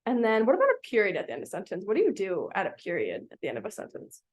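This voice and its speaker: A woman's voice: mid-range voice, wildly swooping pitch, racing, darkish tone. A woman teaching a small reading group, patient and encouraging, asking the children many questions. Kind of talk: classroom instruction to children.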